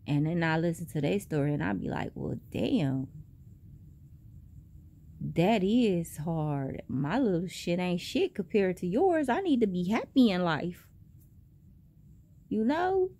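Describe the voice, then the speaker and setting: Animated, profane young woman telling a story. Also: slow, pauses often. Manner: animated, profane storytelling with big pitch jumps. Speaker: vlogger. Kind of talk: casual storytime vlog.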